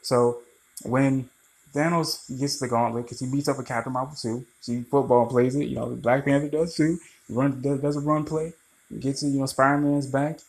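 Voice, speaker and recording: A man rambling through a casual, animated movie review, swearing freely. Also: medium pitch, moderate pace, rough recording.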